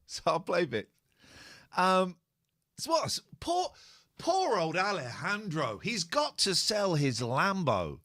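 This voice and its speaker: A man hosts a casual podcast and tells a story with lots of energy. His voice is bright and fairly high, and his pitch jumps around a lot. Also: slow pace. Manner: animated storyteller, reads messages aloud. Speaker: podcast host. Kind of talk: casual chat, telling a story.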